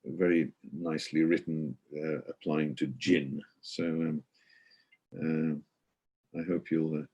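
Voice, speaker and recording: A man's voice: very deep voice, level tone, slow pace, dark tone, husky. A middle-aged man giving an online guided tour, chatty and explanatory, with many hesitations and fillers.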